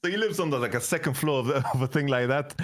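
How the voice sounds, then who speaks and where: An animated young man recounting wild stories in a loose, casual interview. His pitch swings widely as he acts out the people he quotes, and he swears and laughs often along the way. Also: racing. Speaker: esports coach, guest.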